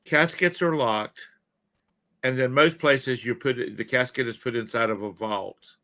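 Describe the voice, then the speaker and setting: A man's voice: medium pitch, unhurried, sharp tone. A tired man co-hosting a casual live chat, rambling and correcting himself as he goes. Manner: rambling, self-correcting, yawning. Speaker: co-host of a livestream.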